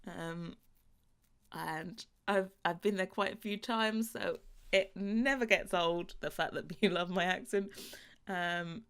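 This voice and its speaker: A woman's voice: lowish voice, takes it slowly, a bit bright, clear, resonant tone. A young woman from London with a London English accent, chatting casually and rambling over gameplay, often breaking into laughs. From London, England. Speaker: gaming YouTuber.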